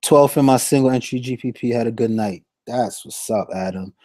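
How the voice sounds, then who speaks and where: On a fantasy sports stream, a young man chats casually in a warm, mellow, mid-range voice at normal speed, his talk slangy and animated. The sound is close and dry, with little room sound and no echo, and he keeps giving shout-outs while reading the chat.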